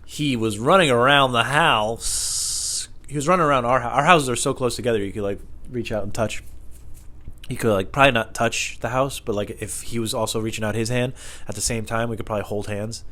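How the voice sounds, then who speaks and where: A man casually telling a rambling, profane story in a deadpan manner. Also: mid-range voice, fairly quick.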